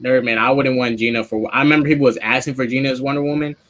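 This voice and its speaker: A man's voice: medium pitch, steady tone, very fast, a bit bright, low-quality recording. A man on a live chat panel giving his take earnestly, repeating himself to keep the floor. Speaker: panel guest.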